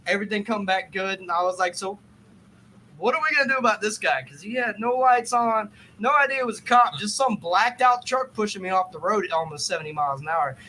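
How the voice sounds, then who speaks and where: A man's voice: sits high, fairly quick, slight background noise, low-quality recording. A man telling a story in a loose, profane podcast chat, acting out both sides of the conversation. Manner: animated, profane, acts out quotes.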